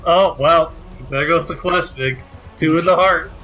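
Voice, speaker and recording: A man playing a tabletop game, teasing the others in an excitable way, with faint music behind. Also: on the high side, normal speed, rough recording. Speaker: player. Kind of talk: casual game banter.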